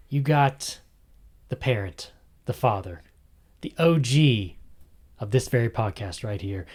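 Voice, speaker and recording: Joking podcast host who whispers asides. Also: male voice, medium pitch. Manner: jokey, animated, drops into whispered asides. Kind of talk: casual podcast chat.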